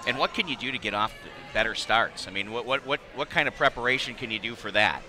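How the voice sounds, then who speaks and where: A man hosts a local sports show in a restaurant, casually interviewing coaches with friendly questions and frequently stammering and restarting. His medium-pitched voice moves at a quick pace and sounds pushed and bright.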